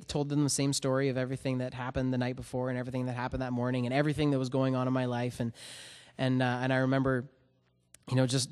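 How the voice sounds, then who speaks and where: Earnest man telling a story. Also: mid-range voice. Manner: earnest, rambling storytelling with many restarts. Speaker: worship musician. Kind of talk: personal testimony before a song.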